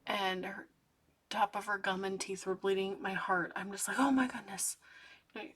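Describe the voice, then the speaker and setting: A woman in her thirties, host of a coloring channel, chatting softly late at night while coloring, sometimes dropping into a whisper. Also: medium pitch, monotone, normal speed. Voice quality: gravelly, husky voice. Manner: soft-spoken, drifting into whispers at times.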